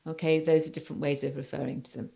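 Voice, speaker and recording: A woman's voice: sits low, level tone, fast talker, creaky, mellow. A woman lecturer giving an online literature class, rephrasing her points as she goes and checking in with her students. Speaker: university lecturer.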